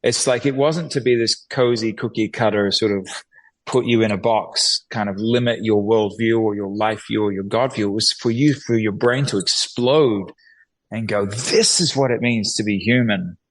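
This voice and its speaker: A man's voice: on the low side, moderate pace, low-quality recording. A man guest in an interview, talking earnestly and animatedly, often restarting sentences and acting out little quotes. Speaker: guest, musician and filmmaker. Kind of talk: reflective conversational interview.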